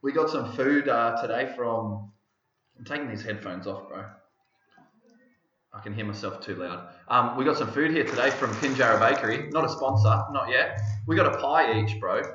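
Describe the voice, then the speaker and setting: A young Australian man hosts a casual podcast, with a bright, forward tone. He rambles and jokes in a loose, easy way. The room is echoey and the sound is slightly dull and lo-fi. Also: medium pitch, moderate pace, slight background noise. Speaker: podcast host and fitness coach.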